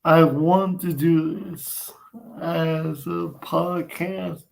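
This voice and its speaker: A young man hosting a casual podcast chat, talking haltingly with frequent restarts. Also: fairly high pitch, fairly even intonation, vocal fry, darkish tone, rough recording. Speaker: podcast host.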